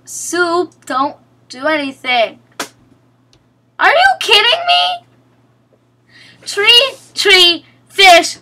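A woman's voice: high-pitched, bright, forceful tone. A young woman commentating her own gameplay, pleading with and scolding her teammates in exasperation. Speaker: gaming video creator.

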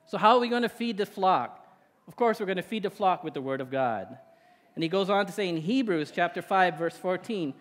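A man's voice: sits high, lively intonation, normal speed, in a large hall. A male pastor preaching a sermon in a conversational way, often checking in with "right?". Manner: conversational, with tag questions.

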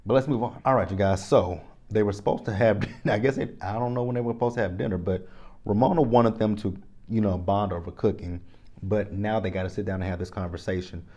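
A man's voice: lowish voice, fairly quick. A man recapping a reality show in casual chat to the camera, candid and emphatic, speaking straight to his viewers. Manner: candid, animated and emphatic, addresses viewers directly.

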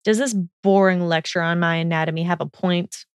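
A bitter, proud young wizard, as a woman acts him out. He sneers and snarls in slow, contemptuous lines. The recording is dry. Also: fairly low pitch, fairly even intonation, smooth, dry recording, lightly acted. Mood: sneering.

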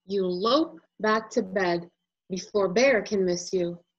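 A woman illustrator reading a children's picture book aloud, as a gentle and expressive storyteller. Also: medium pitch, takes it slowly, breathy edge, dull audio.

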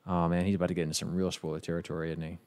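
Low-voiced, profane gaming streamer man. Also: racing, clear, resonant tone. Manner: profane, excitable reactions with frequent restarts. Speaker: streamer playing a video game. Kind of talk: casual let's-play commentary.

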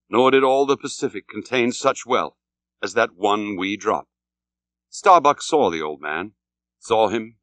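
A man narrating an audiobook in a solemn, dramatic, measured way. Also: mid-range voice, fairly bright tone, dry recording.

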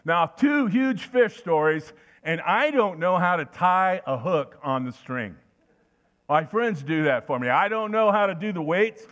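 A man's voice: sits high, expressive, unhurried, a bit bright. An older man preaching a sermon in a folksy, anecdotal way, telling stories with frequent restarts.

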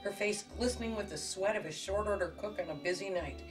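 A woman hosting a cooking show, narrating a spoof romance and explaining a recipe with a deadpan, tongue-in-cheek manner. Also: mid-range voice, brisk. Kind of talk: mock-dramatic romance narration and cooking demonstration. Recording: distant mic with music behind.

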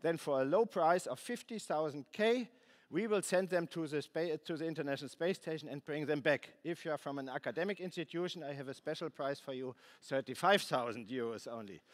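A man heading a space agency gives a conference keynote, halting and restarting often, with dry asides. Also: a little high. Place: conference plenary hall.

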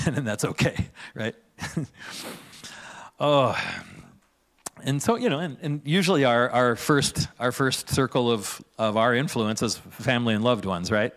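A man's voice: medium pitch, unhurried, fairly bright tone. A man preaching in a church, casual and chatty, often asking "right?" and laughing as he talks. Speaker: pastor. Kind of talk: conversational sermon.

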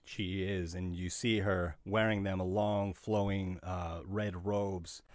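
A low-voiced man runs a tabletop game as game master. His narration is halting and dotted with fillers. The sound is close and dry. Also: little pitch movement, no room sound.

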